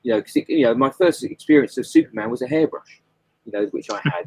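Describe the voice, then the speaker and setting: A man's voice: medium pitch, quick pace, very noisy. A man, a comics creator, talking as a guest in a casual podcast chat, rambling with fillers and restarts.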